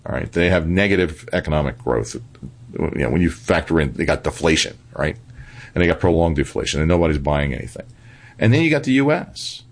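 A man's voice: rumbling low, animated, fairly quick. A man being interviewed as a financial commentator. He talks bluntly and with a touch of sarcasm, and keeps pressing his points with "right?" and "okay?". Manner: emphatic, repeats "right?" and "okay?" for emphasis. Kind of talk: interview answers.

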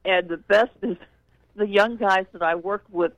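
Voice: mid-range voice, a little slow, a bit bright, no echo, low-quality recording. A caller on a call-in radio show, retelling a story and repeating what was said. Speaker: caller, store worker. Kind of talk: phone-in storytelling.

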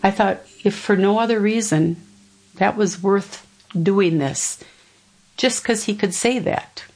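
A woman's voice: medium pitch, slow, darkish tone. A middle-aged woman, telling a personal family story in a reflective, conversational way. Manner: reflective, conversational, quotes others' words. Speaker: interviewee.

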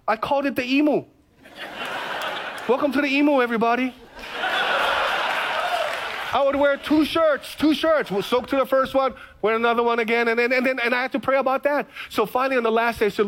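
Male pastor, high-pitched, lively storytelling sermon. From Hawaii. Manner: energetic, storytelling with dramatic pauses.

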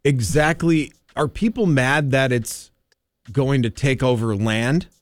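A man's voice: mid-range voice, takes it slowly, no echo, clean studio sound. A man co-hosting a morning radio show, who talks hesitantly with lots of filler words. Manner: hesitant, full of filler words, laughs easily.

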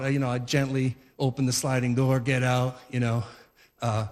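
A man's voice: mid-range voice, fairly even intonation, fairly quick, big-room sound. A man in his forties doing stand-up comedy, telling rambling stories that keep stopping and restarting. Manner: rambling, self-interrupting storyteller.

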